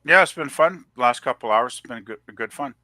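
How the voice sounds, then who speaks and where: Bright-voiced rambling storyteller, a man. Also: medium pitch, animated, fairly quick, no room sound. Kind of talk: casual storytelling chat.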